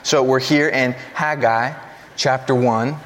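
A man's voice: mid-range voice, steady tone, slow, fairly bright tone. A man leading a Bible study in a casual, joking way with some ums, then reading scripture aloud and praying. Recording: long hall reverb.

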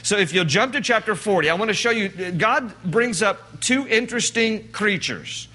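Bright-voiced man preaching a sermon. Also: high-pitched, animated, normal speed. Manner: conversational, joking, acts out quoted lines. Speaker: pastor.

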